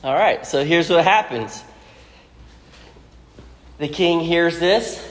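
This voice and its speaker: A man teaching a Bible lesson, retelling the story casually and acting out the characters' lines with lively energy. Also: on the high side, slow pace, long pauses, in a large hall.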